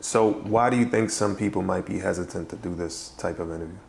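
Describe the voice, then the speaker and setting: Low gravelly guy doing the interview, short low-key questions. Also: brisk. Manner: brief, low-key prompts.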